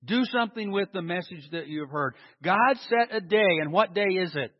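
High, husky preacher in an echoey hall. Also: male voice, expressive, moderate pace. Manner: asks rhetorical questions and answers them himself; emphatic, stressing single words. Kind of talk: sermon. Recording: echoey hall, dull lo-fi sound.

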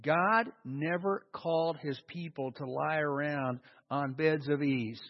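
A man's voice: fairly high pitch, slow. A man preaching a sermon to a congregation, emphatic and calling for responses. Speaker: pastor. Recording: dull sound in a long-reverb hall.

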